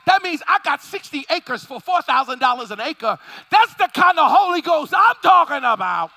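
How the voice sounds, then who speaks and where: A man preaching a sermon with fervent delivery, shouting at peaks and calling on the congregation to respond. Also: very high-pitched, very animated, moderate pace.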